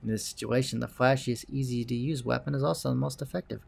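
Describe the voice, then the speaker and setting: A man's voice: medium pitch, steady tone, quick pace, gravelly, darkish tone. A man hosting a let's play, reading a visual novel's narration aloud in a dry, wry manner.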